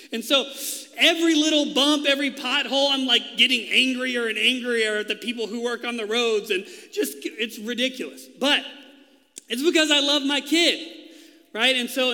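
High, bright-voiced pastor in a reverberant hall. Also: male voice. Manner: playful storytelling with acted-out quotes. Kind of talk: sermon. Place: church hall.

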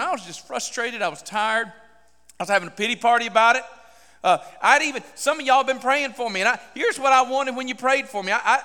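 A man, a pastor preaching a sermon and telling a story animatedly, acting out dialogue with sudden loud bursts. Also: high voice, big-room sound.

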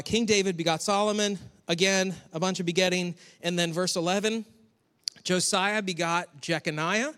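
A man from Western New York preaching a conversational sermon, with chatty, animated asides to the congregation. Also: fairly high pitch. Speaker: pastor. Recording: long hall reverb.

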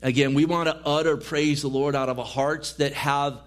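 A man's voice: mid-range voice, steady tone, moderate pace, few pauses. A man preaching a sermon in a church as pastor, reading scripture aloud and pressing his points with earnest emphasis.

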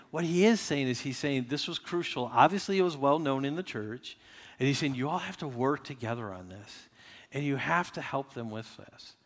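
A man's voice: mid-range voice, fairly bright tone, in a large hall. A man preaching a sermon as pastor, talking in a conversational way and acting out quoted voices.

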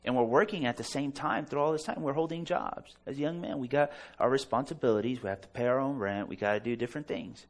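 A preacher telling an animated, self-deprecating story during a church service. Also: male voice, mid-range voice, fast, hardly any pauses. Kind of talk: storytelling sermon.

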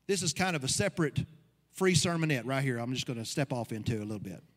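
A man's voice: medium pitch, lively intonation, fast talker. A man preaching a sermon as pastor, building to emphatic peaks. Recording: long reverb of a hall.

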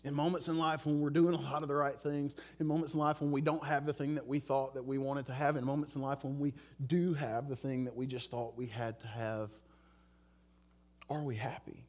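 A man's voice: medium pitch, steady tone, brisk, darkish tone. A middle-aged man, preaching a sermon in a conversational, earnest way, telling a personal story and asking listeners direct questions. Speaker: pastor.

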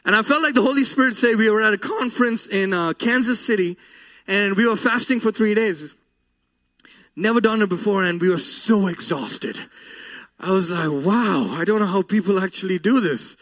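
A man's voice: sits high, moderate pace, fairly bright tone. A man preaching a sermon and telling a personal story, earnest and emotional, his voice often breaking.

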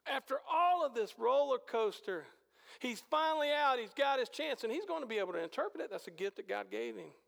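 Man, pastor, sermon, high voice, gravelly edge, animated storytelling, rhetorical questions, long hall reverb. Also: fairly quick.

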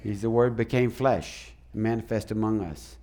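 A man preaching a sermon as pastor, animated and acting out the voices he quotes. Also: fairly low pitch, normal speed.

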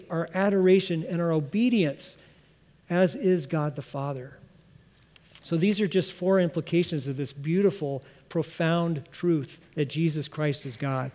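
A man pastor preaching an expository sermon, earnest and emphatic, slowing down to stress key phrases. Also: high voice, a little mellow, long reverb tail.

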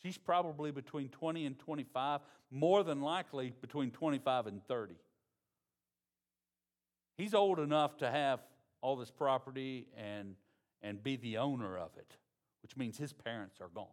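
A pastor, preaching a sermon in a conversational, folksy way. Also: male voice, medium pitch, normal speed.

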